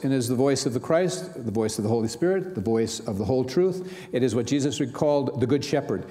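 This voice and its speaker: Mellow-voiced minister preaching in a hall. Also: male voice, medium pitch, lively intonation, normal speed, a faint crowd, slight background noise. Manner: storytelling with frequent fillers and restarts. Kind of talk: sermon. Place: large church sanctuary.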